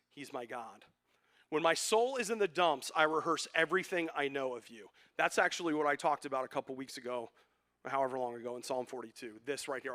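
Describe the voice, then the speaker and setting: A man preaching a sermon as pastor, conversational and joking, with quick asides. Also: a little high, bright, forceful tone.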